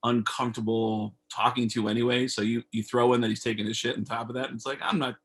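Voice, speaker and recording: A man, a comedian guest on a video call, telling stories in a casual, animated way and acting out phone calls. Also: medium pitch, fast, slightly rough. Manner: animated storyteller, acts out phone calls in raised voices.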